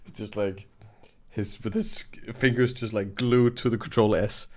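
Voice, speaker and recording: Young dude w a real deep voice, chatty and jokey on his art stream, swears a lot. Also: fairly quick, vocal fry, darkish tone. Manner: rambling, joking, laughing and swearing. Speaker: livestream host and digital artist. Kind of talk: casual chat on a livestream.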